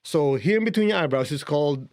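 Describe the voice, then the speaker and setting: A man's voice: on the high side, lively intonation, fast talker, darkish tone. A man with a Chinese accent giving a casual, conversational spiritual lesson, chuckling now and then as he explains. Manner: conversational, chuckling, shows a book to camera. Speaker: spiritual teacher. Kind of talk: casual teaching talk to camera.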